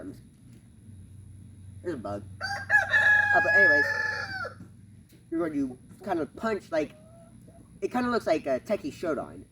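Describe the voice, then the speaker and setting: Lively-pitched man teaching karate outdoors. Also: vocal fry, very noisy. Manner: halting, many fillers, punctuates moves with "bam"; talks while performing moves. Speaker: karate instructor. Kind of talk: casual demonstration lesson. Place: backyard, outdoors. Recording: distant outdoor recording with clucking chickens.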